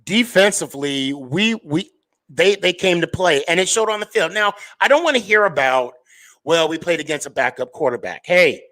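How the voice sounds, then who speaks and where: A man hosts a live sports podcast, talking loosely and casually with plenty of fillers and restarts. His voice sits a little high for a man. He rambles from one point to the next in a relaxed way.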